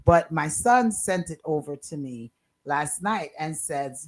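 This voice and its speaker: A woman's voice: low voice, animated, slow pace. A woman co-hosting a casual talk radio show, speaking expressively with a swooping delivery. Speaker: co-host.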